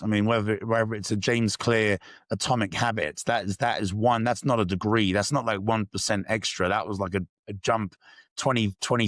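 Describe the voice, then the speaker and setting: Low-voiced male guest, candid and reflective, dry recording. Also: a bit bright, dry recording. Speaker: podcast guest. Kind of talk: casual interview storytelling.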